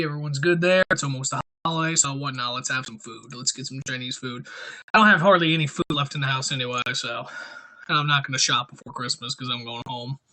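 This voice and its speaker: A man's voice: medium pitch, sharp tone. A man hosting a casual livestream from home, a little out of breath and rambling between bites of food. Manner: rambling, talks while eating. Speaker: livestream host. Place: home room. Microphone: desktop USB mic.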